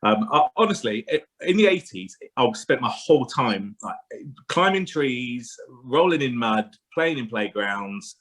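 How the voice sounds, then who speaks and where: A man's voice: medium pitch, lively intonation, a little slow, fairly bright tone. A man in his forties doing stand-up comedy, chatty and rambling, often turning to the crowd with questions. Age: 40s.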